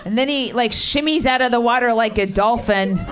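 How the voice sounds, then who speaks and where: A middle-aged woman comedian works the crowd during a stand-up set on a club stage, dry, profane, and teasing in her delivery. Her voice is on the high side at a moderate pace, and this live set has a noisy background full of audience laughter.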